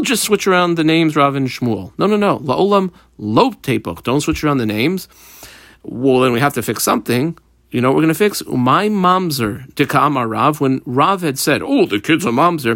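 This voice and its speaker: A man teaching a Talmud lesson, explaining Aramaic phrases in casual English with a lively, conversational manner. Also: medium pitch, no room sound, studio quality.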